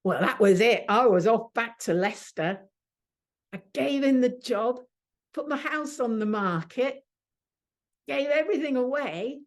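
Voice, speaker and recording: A middle-aged woman, an astrology teacher, telling a personal story with vivid sensory detail and soft asides. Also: fairly high pitch, animated, measured pace.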